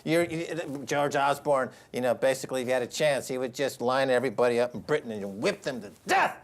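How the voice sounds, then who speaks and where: A man's voice: lively intonation, brisk, vocal fry. A man co-hosting a talk show, giving mocking, exaggerated political commentary. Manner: mocking, exaggerated, sweeping pitch.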